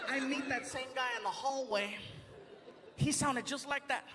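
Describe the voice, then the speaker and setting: High-voiced man doing stand-up. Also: measured pace, very noisy. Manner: animated storytelling with bursts of put-on voices. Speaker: stand-up comedian. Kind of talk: stand-up comedy. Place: large theater stage before a live audience. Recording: live theater recording with loud crowd laughter.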